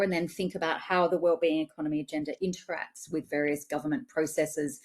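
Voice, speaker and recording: A woman with an Australian accent speaks over a video call, presenting a seminar. Her voice sits a little low, and her delivery is friendly and self-deprecating, with restarts as she thinks aloud. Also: a little mellow.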